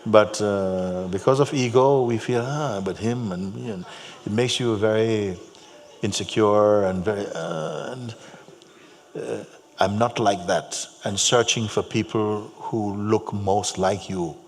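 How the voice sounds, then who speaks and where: A man giving a spiritual talk to an audience, telling stories gently and repeating his phrases, with soft laughs. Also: lowish voice, slow. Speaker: spiritual teacher. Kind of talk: spoken teaching to an audience. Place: large hall. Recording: long hall reverb, faint hum.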